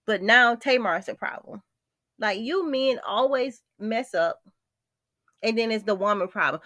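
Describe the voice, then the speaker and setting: A woman's voice: fairly high pitch, moderate pace, fairly bright tone, no echo, clean studio sound. Blunt woman ranting about celebrity gossip. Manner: blunt, exasperated, talks straight to the viewer. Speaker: vlogger.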